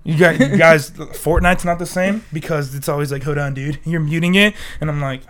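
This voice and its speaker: There's a little hiss or hum on the desk mic as a young man co-hosts a relaxed podcast. His slightly high voice is a bit bright and unhurried, and despite being sick he swears freely, jokes, and laughs a lot.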